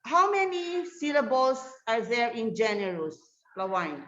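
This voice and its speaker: A woman's voice: fairly high pitch, big pitch swings, unhurried, a bit bright, a little hiss or hum. A woman teaching an online grammar lesson, patiently calling on students by name over a video call. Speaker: English teacher. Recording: echoey, dull lo-fi room sound.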